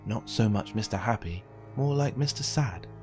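A man voicing a wise little woman in a storybook, making calm, wry remarks. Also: lowish voice, moderate pace, soft background music, close to an everyday voice.

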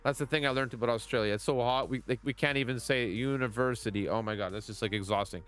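A man's voice: medium pitch, fast, hardly any pauses, fairly bright tone, faint music behind. A man in his thirties giving playful, chatty commentary while streaming a mobile golf game and greeting viewers by name.

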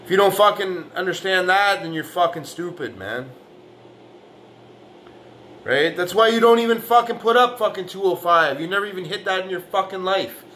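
A man's voice: sits high, normal speed, sharp tone, a little hiss or hum. A man ranting in a profane, boastful way, trash-talking rivals, with an argumentative tone that keeps returning to "man" and "right". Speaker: fitness vlogger. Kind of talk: profane reaction rant.

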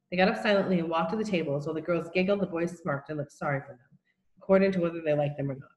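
A woman reads a children's novel aloud, narrating plainly and unhurriedly with a few small slips. Her voice sits on the low side and the room lends a noticeable echo. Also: rapid-fire. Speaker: reader.

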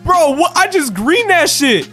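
High-voiced excitable young gamer guy. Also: a little slow, faint music behind. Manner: excitable, swearing, trash talk, pleads with teammates. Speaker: gaming YouTuber. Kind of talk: live gameplay commentary.

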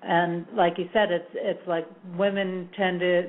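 A woman's voice: lowish voice, level tone, measured pace. A woman hosting an interview, talking earnestly and repeating words as she works through her thoughts. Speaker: interview host. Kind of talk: phone interview. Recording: tinny phone line.

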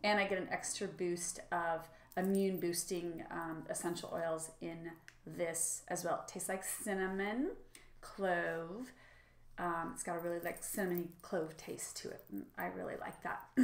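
A woman's voice: lowish voice, a bit bright, roomy sound. A middle-aged woman vlogger demonstrating products in a chatty, enthusiastic way, with frequent fillers. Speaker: lifestyle vlogger.

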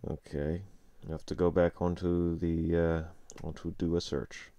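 Guy mumbling thru his code, deep gravelly voice, keys clacking. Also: level tone, unhurried, mellow, dry recording. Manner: muttering, self-correcting, frustrated asides. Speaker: programmer streaming a coding session. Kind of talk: thinking aloud while coding. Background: keyboard typing and clicking.

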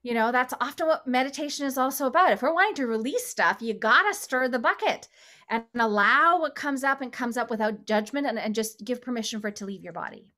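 A woman with a slightly higher voice guides a meditation session. She talks in a gentle, chatty way and laughs easily between her instructions. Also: animated, fairly quick. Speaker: meditation leader.

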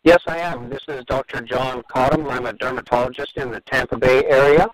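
A man's voice: medium pitch, fairly even intonation, a little fast, over a noisy crowd, low-quality recording. A male dermatologist guest on a radio show, earnestly recounting events and repeating words as he goes. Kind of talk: phone-in storytelling.

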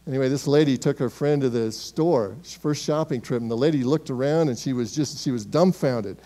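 A man's voice: mid-range voice, brisk. Emphatic male pastor preaching. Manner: emphatic, swings from loud to hushed. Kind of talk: sermon. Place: church sanctuary.

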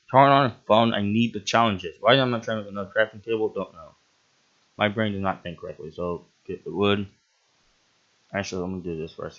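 Guy narrating his game, lowish voice, laughs a lot, yelps when stuff happens, muffled cheap mic. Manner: excitable, laughs often, bursts into yelps. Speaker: gaming channel host. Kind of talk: gameplay commentary.

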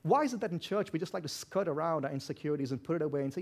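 A pastor preaching a sermon with a non-native accent, loud and passionate, swinging from shouts to hushed asides. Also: male voice, a little high, lively intonation, racing, hardly any pauses. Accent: non-native English accent.

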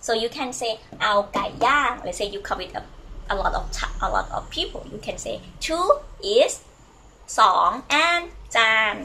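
A Thai-native woman teaches a lesson with a bright, somewhat high voice. She goes slowly and patiently and repeats each word for learners to say after her. A faint noise hums behind her. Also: big pitch swings, low-quality recording. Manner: slow, patient, repeats words for learners to copy. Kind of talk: language lesson.

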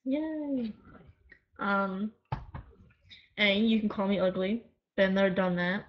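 A woman's voice: medium pitch, slow, dull audio. A woman in her early twenties ranting defiantly to camera in a casual vlog, sarcastic and rambling with many restarts. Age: 20s. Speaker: vlogger. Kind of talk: casual talking-to-camera rant.

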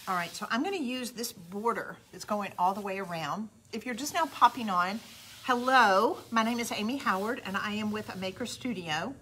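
A middle-aged woman with a Southern US accent hosts a casual live craft demo, chatting to viewers in a folksy way as she shows off a product. Her medium-pitched voice is expressive and fairly bright, moving at a moderate pace. There's slight background noise.

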